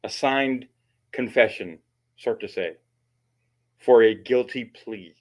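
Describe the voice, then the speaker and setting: A man talking in a blunt, mocking way as he comments on a recorded call. He swears freely and speaks at an ordinary pitch. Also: takes it slowly. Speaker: channel host reacting to a recorded call. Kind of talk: profane commentary.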